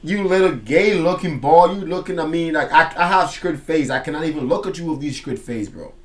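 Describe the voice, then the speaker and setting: Excitable man reacting to a rap song. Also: on the high side, brisk. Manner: animated, breaks into loud excited outbursts; slangy, swears freely, explains lyrics line by line. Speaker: music reaction host. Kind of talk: casual reaction commentary.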